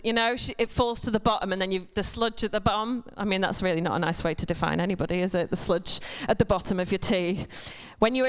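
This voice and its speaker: A woman's voice: mid-range voice, clean tone. A woman giving a chatty sermon in church, full of humorous asides and self-deprecating jokes. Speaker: church speaker. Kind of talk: conversational sermon. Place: church service before a congregation.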